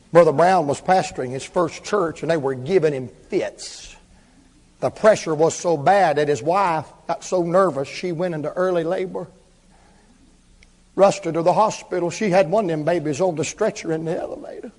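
A man preaching a revival sermon, swinging between shouts and hushed words. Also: fairly high pitch, moderate pace. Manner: fervent, shouts and drops to a hush. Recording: echoey hall reverb.

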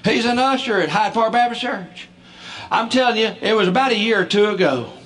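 A man telling family stories as a comedian, folksy and quick to laugh. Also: high voice, lively intonation, a bit bright. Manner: folksy, stumbling restarts, laughing through stories. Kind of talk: stand-up storytelling.

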